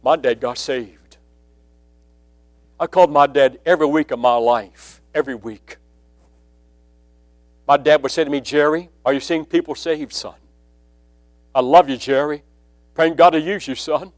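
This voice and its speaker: A man preaching a sermon, telling a personal testimony and building from quiet storytelling to loud emphasis. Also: fairly high pitch, unhurried, long pauses, no echo.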